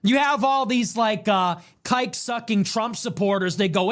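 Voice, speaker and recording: Man in a clip, higher pitch, sarcastic, mocking casual talk. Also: lively intonation, slow pace, long pauses.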